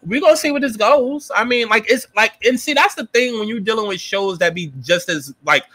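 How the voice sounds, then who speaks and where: A man giving a casual, profane recap and review of a TV episode, animated and sassy, acting out his own reactions. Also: high voice, brisk, dry recording.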